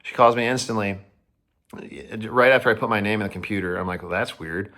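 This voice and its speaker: A man telling a personal story to the camera, rambling, restarting often and sounding excited. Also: fairly low pitch, fairly quick.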